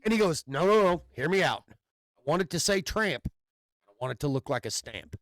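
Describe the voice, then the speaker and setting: A man's voice: on the high side, lively intonation, fairly quick, dry recording. Rambling man telling stories. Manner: rambling storyteller with loose profanity and stammered restarts. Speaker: podcast host. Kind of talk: casual storytelling chat.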